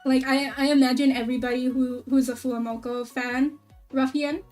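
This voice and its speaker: A woman VTuber streamer chatting casually, excitable and rambling, with a lot of "like" fillers. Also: sits high, moderate pace, recorded from a distance, faint music behind. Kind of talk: casual stream chat recap.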